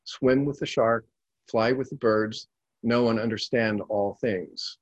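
A man reading a story in a measured, calm narration. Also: medium pitch, no echo, lo-fi sound.

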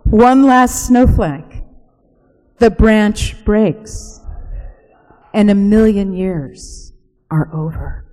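A woman narrating a reflective spoken essay, slow and hushed, sometimes dropping to a whisper. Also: mid-range voice, long reverb tail, faint music behind, low-quality recording.

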